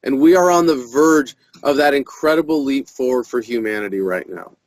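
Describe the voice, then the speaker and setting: A man's voice: mid-range voice, normal speed, poor audio. A man giving an interview as a political activist, talking earnestly and speeding up when he presses a point.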